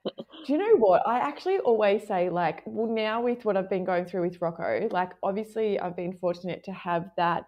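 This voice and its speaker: A woman's voice: mid-range voice, expressive, normal speed, highs cut off. A woman hosting a parenting podcast, speaking in an enthusiastic, supportive way. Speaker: podcast host. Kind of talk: casual chat.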